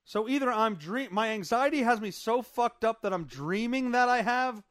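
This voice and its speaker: A man's voice: sits high, fairly bright tone, no room sound, clean studio sound. A man hosting his own podcast, rambling and swearing as he tells a story and greets live viewers. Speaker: podcast host. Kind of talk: casual live-stream monologue.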